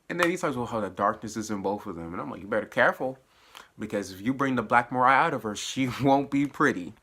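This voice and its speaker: A man at home giving a slangy, animated spoken recap of a TV episode, dropping to low mutters and jumping to high exclamations and laughing often. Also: brisk, pauses often, breathy edge. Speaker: TV episode reviewer. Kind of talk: casual spoiler recap.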